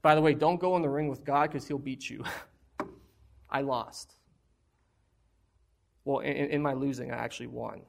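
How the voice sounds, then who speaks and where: A man's voice: mid-range voice, fairly even intonation, a little slow, vocal fry, pauses often. A man preaching a sermon to a congregation in a conversational, emphatic way, full of rhetorical questions and candid personal asides. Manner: shares personal struggles openly.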